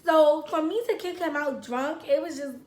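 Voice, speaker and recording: Animated high-voiced young woman telling a story. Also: normal speed, roomy sound, background noise. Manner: animated, acts out both sides of a quarrel. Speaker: vlogger. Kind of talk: casual storytime.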